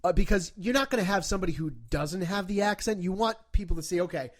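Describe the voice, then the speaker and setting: A man with a Rhode Island accent chats easily as a podcast guest. His voice is fairly high for a man, and he lets his stories ramble along. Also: expressive, quick pace. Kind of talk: casual chat.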